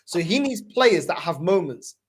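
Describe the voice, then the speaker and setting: A young man hosting a casual football debate, arguing his points with animated, emphatic bursts. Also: sits high, moderate pace, husky. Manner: animated, argumentative, rising to emphatic peaks. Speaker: podcast host.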